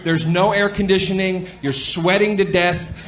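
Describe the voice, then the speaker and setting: A man's voice: high-pitched, fairly even intonation, moderate pace, a bit bright, soft background music. A man ranting through comic stories as a podcast guest, swearing freely and acting out the people he quotes. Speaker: comedian guest. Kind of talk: comedic storytelling on a podcast.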